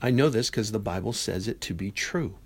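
A man in his fifties hosting a Christian devotional podcast, talking conversationally and acting out bits of dialogue with lively swings in voice. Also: fairly low pitch, moderate pace, slightly rough. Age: 50s. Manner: animated, conversational, acts out dialogue in quotes. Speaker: podcast host.

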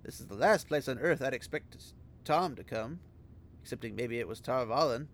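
A cagey middle-aged innkeeper with a slightly nasal voice, pitched a touch below a man's usual voice and kept soft and low, as a man reading aloud puts him on. He picks his words with care, stalling on fillers before he gets to his point. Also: expressive, moderate pace. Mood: wry. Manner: hesitant, cagey speech with fillers. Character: wary middle-aged male innkeeper, dry, guarded.

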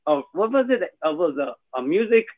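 A man's voice: fairly high pitch, sing-song, brisk. A middle-aged man from Canada hosting a podcast, chatting casually in slang and laughing often. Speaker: podcast host. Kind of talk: casual chat. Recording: tinny phone-line sound.

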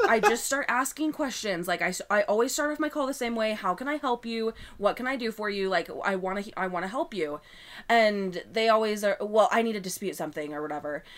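Chatty woman retelling a rude caller. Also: mid-range voice. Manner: animated retelling of a customer service call, acting out both sides. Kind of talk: casual chat, storytelling.

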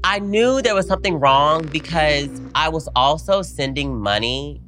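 A young man co-hosting a podcast, telling a story in an animated, dramatic way and jumping up in pitch when he quotes people. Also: measured pace. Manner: animated, dramatic retelling with big pitch jumps when quoting. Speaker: podcast co-host. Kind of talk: casual storytelling chat.

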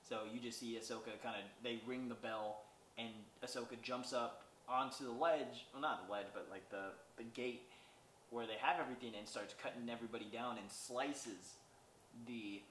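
A man's voice: medium pitch, fairly even intonation, moderate pace, fairly bright tone. Guy rambling thru an episode recap, lots of kinda and you know, roomy echo. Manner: loose, rambling recap with many fillers. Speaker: podcast host. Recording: echoey room with faint noise.

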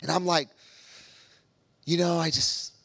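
Preacher, man, fairly high gravelly voice, lively comic storytelling, dry close sound. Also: slow pace, dry recording. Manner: animated, acts out every voice in his stories.

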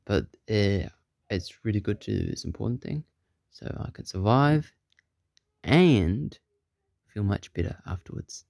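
A man spins an improvised podcast story at an unhurried pace, rambling through fillers. His voice is dark and mellow but lively in pitch, recorded close and dry. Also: vocal fry, no echo. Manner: rambling, many fillers, chuckles at own jokes.

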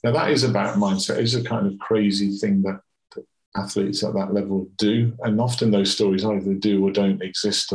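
A middle-aged man, a swim coach and father, telling a candid story in a conversational interview. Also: on the low side. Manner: candid, animated, reflective storyteller. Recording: roomy echo.

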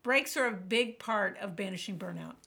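A woman guest on a podcast, talking about burnout and telling lively stories in which she quotes herself. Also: medium pitch, normal speed, creaky, husky. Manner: animated storyteller, quotes herself vividly. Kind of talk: podcast interview, storytelling.

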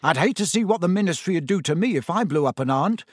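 A man's voice: sits high, quick pace, no room sound, voice pushed up. Cheeky teen wizard boy, eager and teasing, performed by a male narrator, dry booth sound. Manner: excited, teasing. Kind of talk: audiobook character voice.

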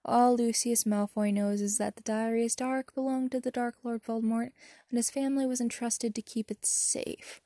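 A woman voicing a calm young male ghost of a dark wizard, speaking quietly and with regret in a storybook reading. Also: fairly high pitch, normal speed, dry recording, studio quality, close to an everyday voice. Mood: quiet, measured.

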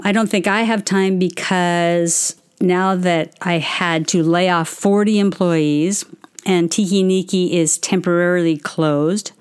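This middle-aged woman's voice sits on the low side, smooth with a darkish tone. She's doing a casual livestream chat, answering viewers' questions and telling stories in a chatty, self-interrupting way.

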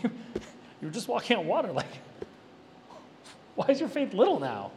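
A man preaching an expository sermon, animated and emphatic, with conversational asides to his listeners. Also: high voice, moderate pace. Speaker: pastor. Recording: reverberant hall with faint background noise.

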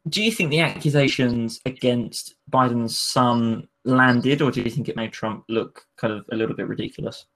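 A man's voice: medium pitch, moderate pace, hardly any pauses, a bit bright. A man hosting a casual podcast discussion, asking his co-host questions in a conversational, slightly hesitant way. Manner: conversational interviewer, poses questions, hesitant with ums.

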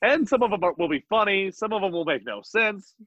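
High, lively man on a dull dry mic. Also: brisk, no room sound. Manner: animated, swears freely. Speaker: podcast co-host. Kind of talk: casual chat.

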